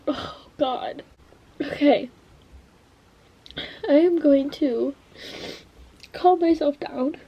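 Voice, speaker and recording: A woman's voice: sits high, extremely slow, long pauses, highs cut off. A young woman vlogging from her bedroom, tearful and emotional, gushing about a book and swearing casually. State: tearful, has been crying. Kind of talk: casual vlog chat. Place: at home, bedroom.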